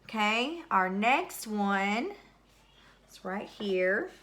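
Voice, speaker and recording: A medium-pitched woman, expressive and a bit bright in tone, teaches a third grade word study class in this recorded lesson. She talks slowly, patiently and deliberately, repeating each word for spelling.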